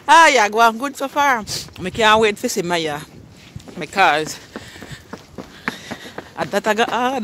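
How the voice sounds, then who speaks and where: A woman's voice: medium pitch, very animated, unhurried, long pauses. A woman with a Jamaican accent chatting playfully into a handheld phone camera outdoors, teasing with questions and laughing often. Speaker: family vlogger. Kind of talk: casual vlog chat. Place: outdoors on a cold street. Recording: outdoor street noise.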